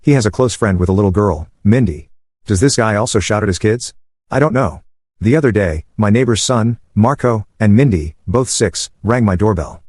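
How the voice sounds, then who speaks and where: A man reading storytime narration in a steady, even manner. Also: on the low side, normal speed, no room sound, studio quality.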